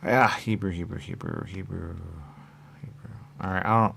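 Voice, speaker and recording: Low gravelly man rambling to himself. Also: fairly even intonation, normal speed, fairly bright tone, slight background noise. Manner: repetitive, muttering, questions and answers himself. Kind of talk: rambling stream-of-consciousness monologue.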